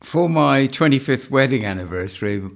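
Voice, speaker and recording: An older man leads a relaxed conversation and keeps laughing as he goes. He brings up old shows and shared memories to draw out stories. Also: medium pitch, normal speed, vocal fry. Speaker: interviewer. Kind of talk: casual chat.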